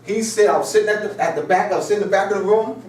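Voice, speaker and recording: In an echoey classroom, far from the mic, a man with a high-pitched, slightly mellow voice races through a call-and-response lecture. He's emphatic and repetitive, firing rhetorical questions and chatty storytelling asides, with a little hiss or hum in the background.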